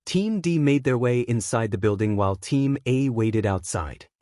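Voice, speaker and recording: Male storyteller reading fan fiction, animated pitch, dry close sound. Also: normal speed, dry recording. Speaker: narrator. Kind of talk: fan fiction read-aloud narration.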